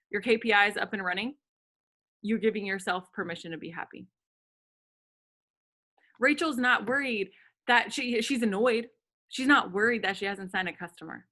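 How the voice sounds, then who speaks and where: A woman's voice: on the high side, sharp tone. A woman coaching her sales team on a video call, earnest and talking at length. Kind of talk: motivational group video call talk.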